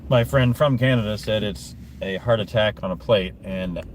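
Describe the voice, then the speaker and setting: Driving through town on a livestream, a vlogger with a lowish voice chats at a moderate pace, addressing his viewers and amusing himself with his own commentary. Engine and road noise fill the background of the noisy car recording.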